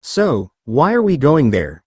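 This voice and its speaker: Man reading as a brash, whiny teen boy ninja, lively pitch, dry recording. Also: slow, husky, dry recording, exaggerated voice. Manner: loud, whiny, impatient. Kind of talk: fan fiction read aloud.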